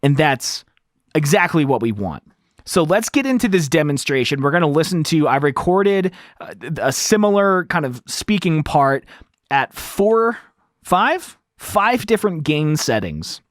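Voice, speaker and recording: A man hosting an audio tutorial, explaining step by step in a casual, animated way while demonstrating on a studio microphone. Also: a little high, a little slow, no echo. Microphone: studio microphone through an audio interface.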